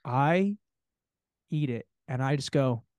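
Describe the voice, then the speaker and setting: Lively, animated man telling a story. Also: slow, clear, resonant tone, dry recording. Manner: animated, swings into high quoted voices; laughing, profane. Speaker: podcast co-host.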